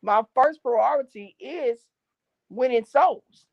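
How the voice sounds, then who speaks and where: A woman's voice: high-pitched, slow, creaky. A middle-aged woman, a gospel singer and drummer, giving an emphatic, preachy faith testimony as an interview guest and repeating her key phrases. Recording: dull dry lo-fi recording.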